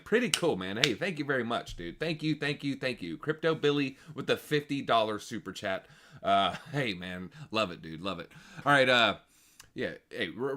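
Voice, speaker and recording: A man hosting a casual livestream, his voice bright and forward. He talks in slang and reads viewer chat aloud. His delivery swings from low, half-muttered asides to loud, excited outbursts. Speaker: crypto show host.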